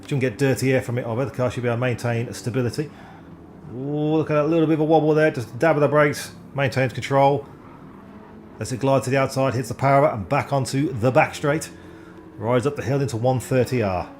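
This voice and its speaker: Man on excited sim racing commentary. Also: mid-range voice, fairly quick, a little hiss or hum. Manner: excitable, self-deprecating, stumbles over driver names.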